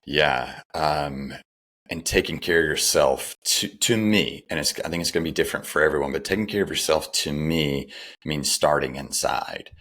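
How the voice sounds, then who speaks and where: Very deep-voiced man telling his story. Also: normal speed, a bit bright. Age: middle-aged. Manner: earnest, candid, retells dialogue with restarts. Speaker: podcast guest. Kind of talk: personal storytelling in an interview.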